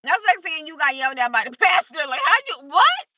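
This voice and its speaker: A woman livestreams from her car in a casual chat, telling animated stories and laughing often. Her voice is high and very bright, and it swings widely in pitch. The sound is dry and close, as if picked up by a phone. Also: fast talker, no echo. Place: in a car at a drive-through.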